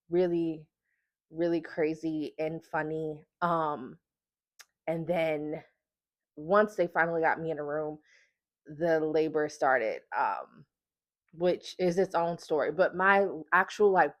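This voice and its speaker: A woman vlogger telling a story to camera in a lively, casual way, laughing often and using lots of filler words. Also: deep voice, dry recording. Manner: animated, breaks into laughter, many filler words.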